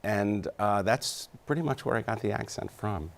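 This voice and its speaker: A man in his fifties tells stories in a studio interview, his voice sitting a little low. He is chatty and self-deprecating and laughs easily as he talks. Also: expressive, moderate pace, creaky. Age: 50s. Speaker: Broadway actor, interview guest.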